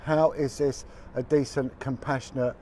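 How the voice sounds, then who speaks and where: Man, blunt, indignant, mid-range pitch, faint background noise. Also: little pitch movement, normal speed, mellow. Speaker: former detective turned video blogger. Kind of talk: impassioned direct-to-camera update.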